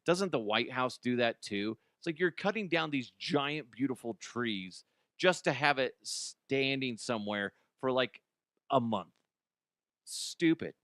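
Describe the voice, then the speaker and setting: A man hosting a comedy news podcast, ranting sarcastically with lots of swearing, swinging between loud outbursts and mutters. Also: on the high side, no room sound, clean studio sound. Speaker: podcast host.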